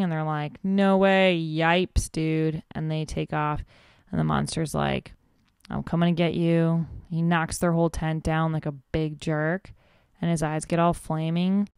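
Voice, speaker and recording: A woman's voice: low-pitched, a little mellow, clean tone, dry recording. A woman guest-hosting a podcast, giving a flippant, rambling comic recap of a cartoon episode, full of "like".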